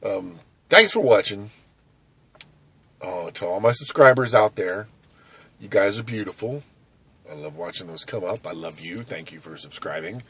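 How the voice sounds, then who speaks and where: Lower-voiced hyperactive man in his forties. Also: normal speed, pauses often, breathy edge. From Southern California. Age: 40s. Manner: hyperactive, animated, loose and conversational with many asides. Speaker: vlogger. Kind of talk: casual rambling chat to camera. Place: outdoors at a local skate park.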